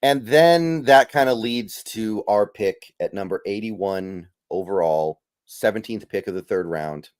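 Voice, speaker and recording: A man's voice: fairly low pitch, measured pace, hardly any pauses, a little mellow, dry recording, studio quality. A man hosting a casual podcast, easygoing and thinking aloud with trailing fillers as he runs through picks. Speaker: podcast host.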